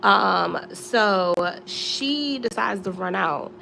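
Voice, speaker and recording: A woman's voice: mid-range voice, animated, extremely slow, creaky, pushed and bright, a little hiss or hum. A young woman telling a storytime on a live stream at home, slangy and chatty, with many asides. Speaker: storytime vlogger.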